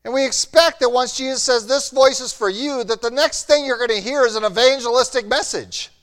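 A man preaching a sermon as pastor, earnest and building to animated emphasis. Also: very high-pitched, normal speed. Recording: long hall reverb.

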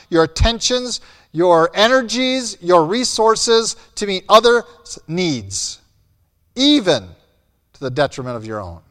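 A man preaching a sermon as pastor, blunt and emphatic, swinging between loud and soft. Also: on the high side, smooth. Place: church hall. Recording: long hall reverb.

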